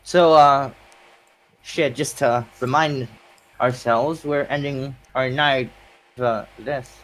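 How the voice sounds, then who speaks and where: A man's voice: medium pitch, fairly even intonation, takes it slowly, a bit bright, poor audio. A man in casual stream banter, mocking his friend in a dry tone.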